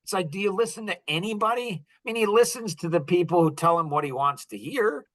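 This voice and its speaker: A man hosting a podcast, talking in a rambling, animated casual monologue and acting out conversations in different voices. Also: high voice, brisk. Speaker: podcast host.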